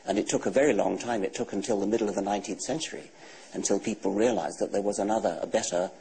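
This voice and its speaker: A man in his sixties with an English accent, a guest author answering questions in a TV studio interview in a measured, dry, matter-of-fact way. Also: on the low side, vocal fry, mellow, husky, low-quality recording. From England. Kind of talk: TV talk show interview.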